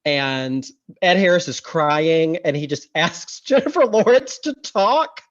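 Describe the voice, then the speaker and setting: Animated woman recapping a film. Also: fairly low pitch, slow pace. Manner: animated, laughs often, swears in outrage. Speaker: podcast co-host. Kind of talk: casual chat recapping a film. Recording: slightly dull lo-fi audio.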